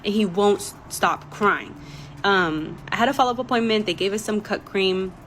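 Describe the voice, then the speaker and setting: A woman's voice: medium pitch, moderate pace, a bit bright, rough recording. A young woman recounts a story straight to camera in a loose, rambling way, her emotion close to the surface. She leans on "like" constantly. A faint hiss of background noise sits under her voice. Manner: emotional, rambling, many "like" fillers. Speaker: storytime vlogger. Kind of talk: casual storytelling.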